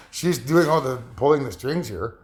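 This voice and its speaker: A man in his fifties talking in a rambling, emotional personal monologue, halting and repeating himself. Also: mid-range voice. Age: 50s. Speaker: vlogger.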